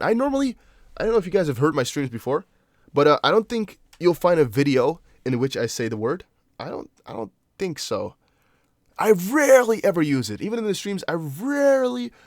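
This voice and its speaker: With a slightly high, sing-song voice at a moderate pace, this young non-native English-speaking man hosts a casual crypto live stream. He answers viewer comments in loose chat, restarting and apologizing along the way. The studio sound is clean with no room sound.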